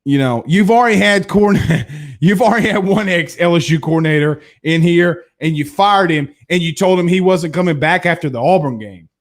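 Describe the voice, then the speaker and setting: A man's voice: on the high side, moderate pace. A man hosting a live-stream sports talk show, reading viewer comments and giving blunt opinions. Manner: blunt and opinionated, with frequent restarts and laughs.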